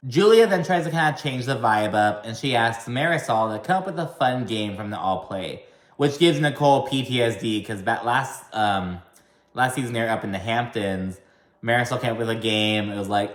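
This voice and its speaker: A man's voice: lively intonation, normal speed, fairly bright tone, roomy sound. Gossipy man recapping reality TV. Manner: gossipy, swears, mimics cast members in high voices. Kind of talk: casual commentary recap.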